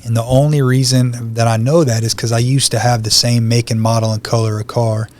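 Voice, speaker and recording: A man's voice: mid-range voice, flat delivery, a little fast, a little mellow. A man telling his personal testimony as a podcast guest, in a conversational storytelling manner that acts out the lines of the people in it.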